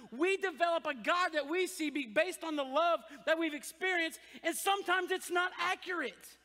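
A man preaching a sermon as pastor, animated and joking, often acting out the voices of the people he describes. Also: extremely high pitch, moderate pace, hardly any pauses, big-room sound. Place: church.

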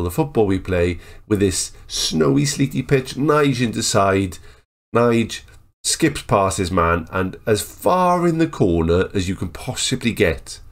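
A man giving casual, excitable commentary over a football management game, chatting and joking as the match plays. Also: on the low side. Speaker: gaming YouTuber. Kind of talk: casual Let's Play commentary.

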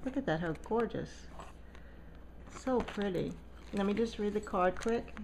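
Speaking a little slowly in a medium-pitched voice, a woman unboxes a swap package at a table in her home for a casual vlog. She gushes and gasps frequently, thrilled by each item. The recording is low quality, with slight background noise.

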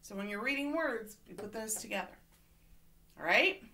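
A woman's voice: medium pitch, expressive, moderate pace, bright, forceful tone, a little hiss or hum. A woman teacher giving a remote reading lesson to children, patient and encouraging, often checking in with "okay?".

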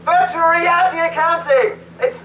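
An actor voicing an excitable, impatient male office boss in a comedic video game, echoing his partner in a high squeaky voice. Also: moderate pace, recorded from a distance, narrow, tinny audio, noisy background.

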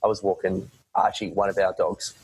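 A man's voice: deep voice, little pitch movement, brisk, husky, no echo, rough recording. A man talking as a podcast guest in a casual, rambling way, often restarting his sentences and swearing now and then. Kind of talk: casual conversation.

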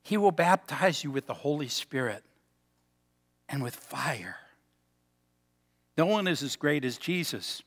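Bright-voiced pastor man preaching in a reverberant sanctuary. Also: on the high side, animated. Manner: storytelling, slows for emphasis. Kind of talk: sermon. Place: church sanctuary. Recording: long hall reverb.

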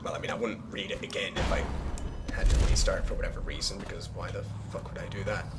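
A man's voice: low-pitched, flat delivery, fast talker, over music. Sarcastic, swearing man. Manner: sarcastic, swearing, rambling asides. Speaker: let's play host. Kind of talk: casual game commentary.

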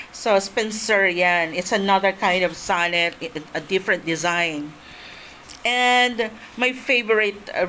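A woman's voice: fairly low pitch, fairly bright tone, a little hiss or hum, poor audio. A woman from the Philippines giving a classroom lecture on poetry, explaining step by step and repeating her points, with frequent fillers.

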